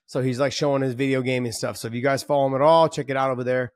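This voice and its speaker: A man's voice: medium pitch, fairly even intonation, very fast, no echo, clean studio sound. A man co-hosting a combat sports podcast in loose, joking casual chat. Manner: loose and joking, talks over others. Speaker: podcast co-host.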